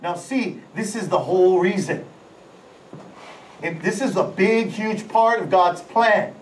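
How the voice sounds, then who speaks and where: High-voiced man preaching in an echoey hall. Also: slow, distant mic, slight background noise. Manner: lively, animated, with sound-effect words. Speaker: senior pastor. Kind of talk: live sermon. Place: large auditorium during a church service. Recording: echoey hall, voice away from the mic, faint ambience.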